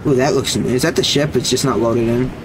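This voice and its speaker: A man's voice: mid-range voice, fairly even intonation, fairly quick, background noise. A young man casually commentating his gameplay, hyped and constantly saying "bro.". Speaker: gaming streamer.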